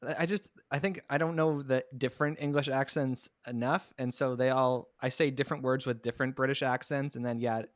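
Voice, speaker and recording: A man's voice: medium pitch, fairly even intonation, a little fast, hardly any pauses, no echo, clean studio sound. A man hosting a podcast, chatting casually and eagerly recommending shows, poking fun at himself. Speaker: podcast host. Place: home, recorded remotely.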